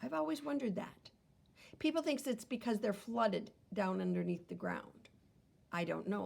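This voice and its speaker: A woman's voice: mid-range voice, moderate pace, vocal fry, darkish tone. A woman teacher reading a picture book aloud to children, wondering aloud and explaining as she goes.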